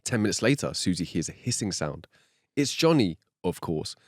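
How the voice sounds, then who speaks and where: Lower-voiced man telling jokes animatedly. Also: moderate pace, no room sound, clean studio sound. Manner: animated storytelling, jumping into high voices for characters. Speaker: podcast co-host. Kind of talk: reading listener jokes aloud.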